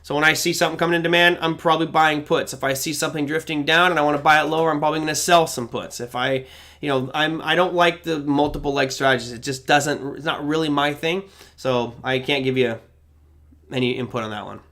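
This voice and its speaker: A middle-aged man hosts a live trading question-and-answer show, his voice sitting a little higher than most men's. He talks in a loose, conversational way, reading viewer questions aloud and thinking out loud as he answers them. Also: quick pace. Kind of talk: casual live Q&A.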